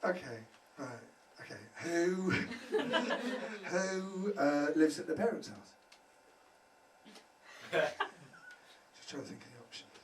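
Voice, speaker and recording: Loud high-voiced male stand-up comic. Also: very animated, slow pace, echoey room. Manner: loud, swearing, crowd-work banter with many "right?" tags. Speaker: stand-up comedian. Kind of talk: stand-up comedy set. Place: comedy venue before a laughing audience. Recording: distant mic, audible room ambience.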